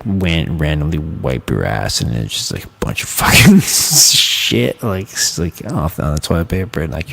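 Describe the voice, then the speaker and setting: A man's voice: low voice, creaky. Rambling, profane man laughing as he talks. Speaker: podcast host. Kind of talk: casual comedic monologue. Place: hotel room.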